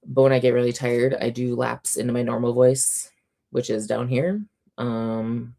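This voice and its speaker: A woman hosting a casual reading livestream at home, chatty and quick to laugh, her voice a little sore and scratchy. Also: very deep voice, flat delivery, vocal fry, warm tone. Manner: chatty, reads out chat comments, laughs often. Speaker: reading sprint livestream host.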